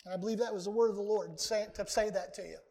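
A man with a very high voice preaching in a church. He talks with earnest emphasis and leans hard on repeated words, the way a pastor drives a point home from the pulpit. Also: steady tone, quick pace, mellow. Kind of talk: sermon. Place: church sanctuary.

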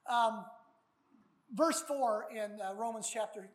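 Man, middle-aged pastor, folksy baptism sermon, animated, bursts of shouting. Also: very high-pitched, moderate pace.

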